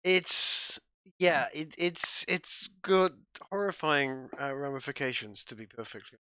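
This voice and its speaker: A man's voice: on the high side, lively intonation, unhurried, sharp tone, clear, resonant tone, no echo, highs cut off. A man hosting a podcast, chatting casually in a rambling, stop-start way full of restarts. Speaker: podcast host. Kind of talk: casual chat.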